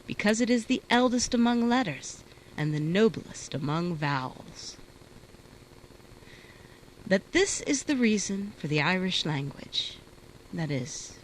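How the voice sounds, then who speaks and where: A woman reading an old translated text aloud in a measured, deliberate recitation. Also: mid-range voice, a little hiss or hum, rough recording. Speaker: reader.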